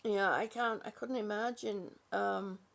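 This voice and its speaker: A woman's voice: medium pitch, fairly even intonation, measured pace, vocal fry. An older woman hosting a live stream, chatting as she reads viewers' comments, with many ums and restarts. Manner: chatty, warm-hearted, with frequent "um" and restarts. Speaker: channel host.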